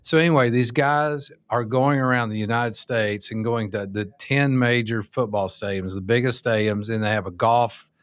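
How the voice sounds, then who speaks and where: Man, podcast co-host, mid-pitched, tells anecdotes with energy, dry close mic. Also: normal speed, few pauses, clean tone, dry recording. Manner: animated storyteller. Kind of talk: casual chat.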